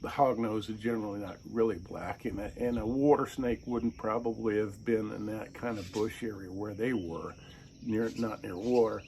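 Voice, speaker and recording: A man, the channel's host, telling a casual story, animated and acting out the people he quotes in raised voices. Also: fairly low pitch, a little hiss or hum.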